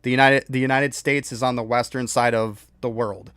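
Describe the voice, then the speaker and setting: A man's voice: mid-range voice, steady tone, normal speed, a bit bright, clear, resonant tone, no echo, studio quality. A man from upstate New York with a mild local accent, chatting bluntly with his live-stream viewers about gaming. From New York State, outside the city. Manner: blunt, talks back to chat, laughs between points.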